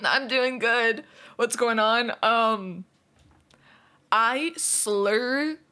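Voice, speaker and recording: A young woman streamer chatting to her viewers with a bright, high voice. She talks fast and giggles a lot, and she keeps fretting over her own pronunciation. Her pace drifts slow and drawn out. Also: clear, resonant tone. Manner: fast-talking, giggly, self-conscious about her pronunciation. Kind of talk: casual live-stream chat.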